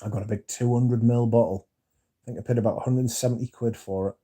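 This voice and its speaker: A man's voice: medium pitch, steady tone, fast talker, warm tone, breathy edge. A man hosting a casual livestream, reading viewer comments aloud and swearing freely as he chats. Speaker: livestream host reading chat. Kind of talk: casual livestream chat about perfume.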